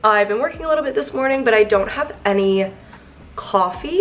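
A woman's voice: a little high, expressive, fairly quick. A woman in her twenties chatting casually to her camera as she runs errands, giggly and self-deprecating. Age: 20s. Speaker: vlogger. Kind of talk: casual vlog chat. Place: moving between indoors, car and street.

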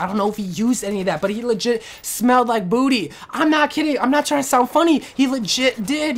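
A woman gaming commentator telling a storytime rant in a casual, slangy, animated way. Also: mid-range voice.

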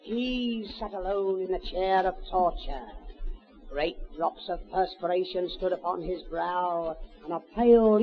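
An English man, a music-hall comedian, sings a comic song in a mock-melodramatic, gleefully ghoulish manner. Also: high voice. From England. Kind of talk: comic song with spoken prologue. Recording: muffled 1929 gramophone record with band.

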